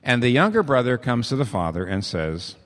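Male pastor, sermon, emphatic cadence, animated pitch, long hall reverb. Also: brisk. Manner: emphatic, lively preaching cadence.

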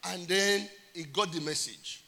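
High, bright-voiced pastor preaching. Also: male voice, measured pace, vocal fry. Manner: emphatic preaching with call-and-response. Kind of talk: sermon. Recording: reverberant church hall.

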